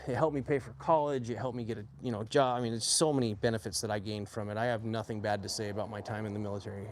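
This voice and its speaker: A man's voice: fairly low pitch, a little hiss or hum. Plainspoken man in his forties. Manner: plainspoken, animated when quoting others. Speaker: army veteran telling his story. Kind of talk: casual storytelling.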